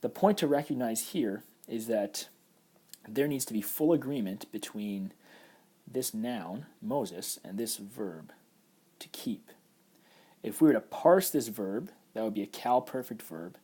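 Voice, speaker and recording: A man's voice: fairly low pitch, animated, a little slow, warm tone, breathy edge. A man teaching a recorded Hebrew grammar lecture, explaining patiently over slides with frequent fillers.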